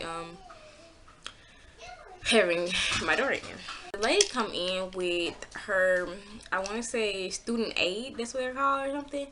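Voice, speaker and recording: A woman telling a personal story in a casual vlog, animated and exasperated, swearing freely and acting out what people said. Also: normal speed, slight background noise. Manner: acts out quotes with pitch jumps.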